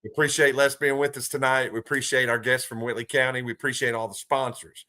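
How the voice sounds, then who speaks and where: A man's voice: medium pitch, flat delivery, fast, pushed and bright. A man, hosting a local sports talk show in an earnest, folksy way. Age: 50s. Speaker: host. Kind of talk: casual talk show chat.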